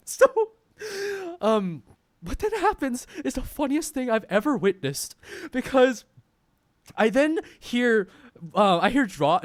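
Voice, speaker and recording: A man's voice: on the high side, no echo, clean studio sound. A young man casually telling a rambling story as a streamer, full of fillers, laughing as he goes.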